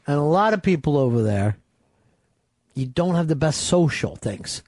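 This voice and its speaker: A man's voice: a little high, expressive, normal speed, darkish tone, no echo, studio quality. A man hosting a radio talk show, bossy and brash, swearing freely as he plans a stunt. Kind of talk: casual radio banter.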